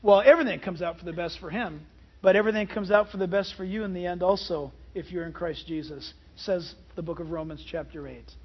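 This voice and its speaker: A man preaching a sermon as a pastor, animated and emphatic, with many rhetorical questions. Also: sits high, fairly quick, husky, highs cut off.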